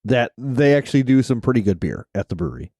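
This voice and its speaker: Lively, mellow-voiced man in casual chat. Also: medium pitch, fast talker, no echo. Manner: loose, profane, rambling storytelling. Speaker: podcast co-host.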